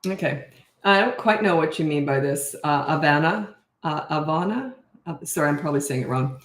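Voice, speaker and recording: A woman's voice: sits low, brisk. A middle-aged woman hosting a casual live Q&A as a parenting coach. She reads out viewer questions and answers them frankly and chattily into a camera mic. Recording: roomy echo.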